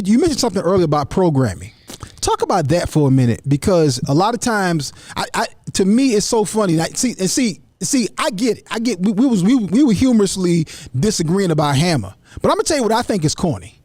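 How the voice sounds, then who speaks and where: Lively high-voiced male talk host. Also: a little fast, no room sound. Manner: animated, repeats words, acts out others' voices. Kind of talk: casual panel discussion.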